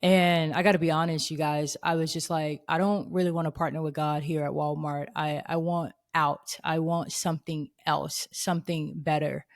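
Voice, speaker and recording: A woman in her thirties tells a personal faith story on her podcast. Her voice sits a little low, and she speaks earnestly and expressively, slipping into the voices of the people in her story. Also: flat delivery, normal speed, few pauses. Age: 30s. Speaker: podcast host.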